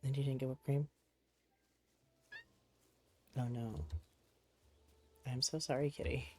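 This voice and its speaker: A game streamer talks in a relaxed, mellow voice at a home desk, slipping into sweet baby-talk for a pet cat. Soft music plays faintly underneath. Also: mid-range voice, moderate pace, rough recording. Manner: cooing baby-talk to a pet, chatty musing while gaming. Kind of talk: casual live-stream chat while playing.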